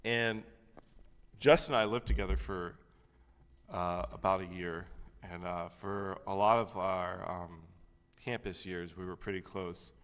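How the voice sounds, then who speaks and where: Smooth-voiced man preaching in a reverberant church. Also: low-pitched, steady tone, measured pace, fairly bright tone. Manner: conversational, rambling with fillers. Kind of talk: sermon. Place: church sanctuary. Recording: long hall reverb.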